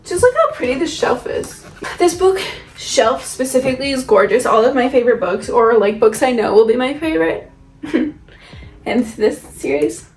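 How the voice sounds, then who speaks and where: Young woman chatting about her bookshelf, kinda high voice, faint music playing. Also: very animated, normal speed. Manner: chatty, rambling, self-questioning. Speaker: book vlogger. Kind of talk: casual chat showing her bookshelf. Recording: echoey room with soft music. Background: soft background music.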